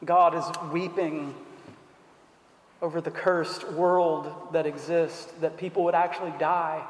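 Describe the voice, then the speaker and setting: A man's voice: a little high, level tone, a little hiss or hum. Earnest man preaching in an echoey hall. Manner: earnest, deliberate, rhetorical questions. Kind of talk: sermon.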